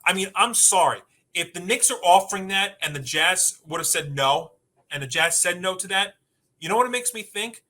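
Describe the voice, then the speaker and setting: Male sports show co-host, punchy, emphatic, very bright, fairly high voice. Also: animated, normal speed. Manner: emphatic, rattles off lists. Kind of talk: sports talk debate.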